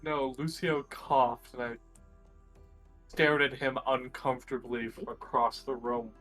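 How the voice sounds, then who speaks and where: Brief: man running the game, flat and crisp delivery, deadpan, faint music behind. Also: mid-range voice, measured pace. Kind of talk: casual podcast chat.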